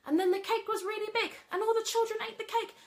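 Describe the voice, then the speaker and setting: A woman's voice: very high-pitched, fairly even intonation, fast, voice pushed up. A woman voicing Miss Sparkle, a bubbly children's entertainer telling a make-believe story to small children in a sing-song way. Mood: gleeful sing-song. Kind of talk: acting out a nursery story.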